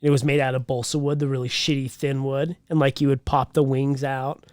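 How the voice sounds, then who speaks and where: A man's voice: medium pitch, level tone, fairly quick, darkish tone, no room sound. Teasing, foul-mouthed man, dry sound. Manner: crude, teasing, heavy swearing. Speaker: podcast host. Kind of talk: casual podcast banter.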